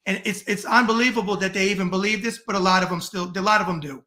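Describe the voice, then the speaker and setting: Sitting high in pitch, this man's voice is quick and sharp, with few pauses. He's a middle-aged guest on a podcast from the United States, ranting about politics in a blunt, profane, emphatic way.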